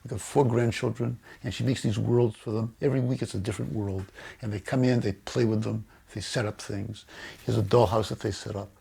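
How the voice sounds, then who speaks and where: A low, gravelly voice from an older man who tells his stories slowly and reflectively. His speech is weak and unsteady from Parkinson's, stuttering and repeating words, and the tone is dark and mellow. Faint hiss sits under the recording. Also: steady tone. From United States. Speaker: author and publisher. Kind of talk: personal storytelling to camera.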